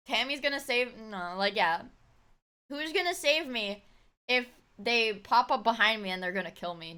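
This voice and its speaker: A woman's voice: fairly high pitch, expressive, normal speed, bright, forceful tone, clear, resonant tone. A woman hosting a livestream, chatting casually in a rambling, joking way with crude slang. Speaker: livestream host. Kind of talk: casual react-stream chat.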